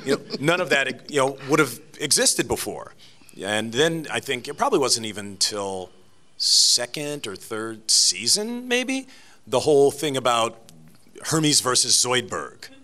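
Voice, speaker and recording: Unhurried and mid-range in pitch, a man answers interview questions as a guest voice actor on a convention panel. His manner is chatty and animated, dotted with laughs and restarts.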